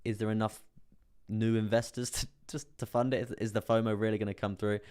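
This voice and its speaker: Brief: young English man, low-pitched and monotone, relaxed chart-analysis streamer. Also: brisk, clear, resonant tone. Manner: chatty, laughs often, reads chat aloud. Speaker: crypto trading streamer.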